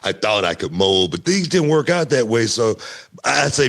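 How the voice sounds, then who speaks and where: A middle-aged man, a former wrestler telling stories as a guest in a casual interview, animated and often laughing. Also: moderate pace, vocal fry. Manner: animated, laughing storyteller with wide pitch swings.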